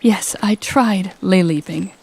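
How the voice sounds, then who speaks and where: A woman's voice: mid-range voice, slow, gravelly, a little mellow, breathy edge, heavily acted. A woman voicing a cold, sardonic female demon lord who talks in a curt, cutting, sarcastic way in an audio role-play. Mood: grudging.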